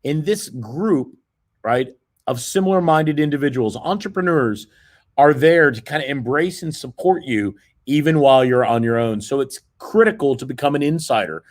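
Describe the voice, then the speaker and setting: A man's voice: medium pitch, expressive, normal speed. A middle-aged man giving a motivational sales seminar, persuading the audience and checking in with frequent "right?" tag questions. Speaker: seminar presenter.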